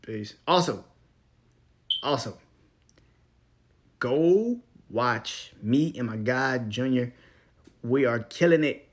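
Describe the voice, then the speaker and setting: A young man with a middle-pitched voice hosts his own podcast in a loose, profane rant. He talks bluntly, laughs between thoughts, and drifts from loud bursts to low mumbles. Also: expressive, slow, long pauses. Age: young adult. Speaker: podcast host. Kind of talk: casual ranting monologue.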